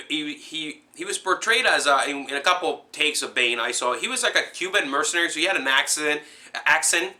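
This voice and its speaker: A man excitedly recapping a movie scene in a rambling, casual way, full of fillers and restarts. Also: on the high side. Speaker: movie fan recapping a film.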